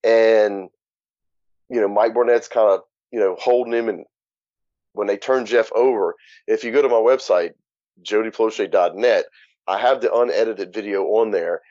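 A man's voice: on the low side, moderate pace, darkish tone, no echo. A man speaking as an interview guest, telling his story frankly and casually, swearing and sometimes laughing at grim moments. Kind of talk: candid conversational storytelling. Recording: dull muffled podcast audio.

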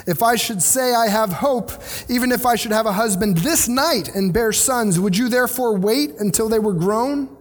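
A man preaching a sermon in a casual, conversational way, with animated paraphrases of the text he reads. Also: very high-pitched, normal speed, big-room sound. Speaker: pastor.

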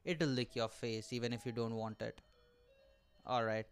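A man's voice: mid-range voice, steady tone, moderate pace, clean tone, soft background music. A man hosting his own podcast, delivering a comic, profanity-filled rant and checking in with the listener with repeated asides. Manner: profane, exaggerated ranting with frequent "all right?" asides. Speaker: podcast host and aspiring stand-up comedian.

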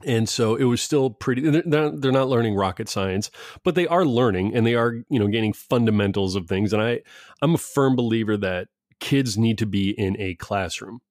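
A man's voice: on the low side, normal speed, darkish tone, dry recording, studio quality. A middle-aged man and father talking casually, rambling with frequent restarts and laughs. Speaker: parent discussing schooling. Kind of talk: casual conversation.

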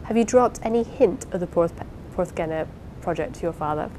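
A woman reading the part of a gentle blind husband in an audiobook, measured and tender. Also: on the low side, a little hiss or hum, close to an everyday voice, low-quality recording. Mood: earnest.

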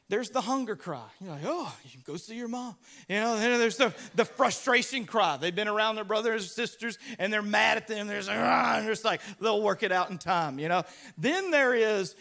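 This Louisiana man, a pastor with a high voice and a Southern US accent, delivers his sermon through animated, funny storytelling. He brings it to life by acting out voices.

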